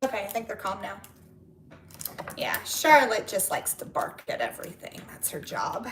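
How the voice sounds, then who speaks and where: A woman hosting a casual live stream from home, chatty and excitable, her voice rising and getting louder when she gets worked up. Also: mid-range voice, moderate pace, slight background noise. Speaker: livestream host chatting with viewers. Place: at home with barking dogs. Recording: echoey room.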